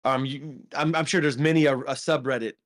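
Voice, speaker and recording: A podcast co-host talks casually about films in a mid-range, slightly bright voice, speaking a little fast with fairly even intonation. He rambles, with many ums and false starts.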